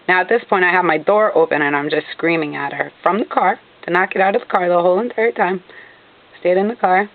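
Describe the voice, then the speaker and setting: A woman's voice: on the low side, brisk. A woman narrating her own recorded video in an agitated, indignant way, repeating herself often. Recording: tinny phone-like audio.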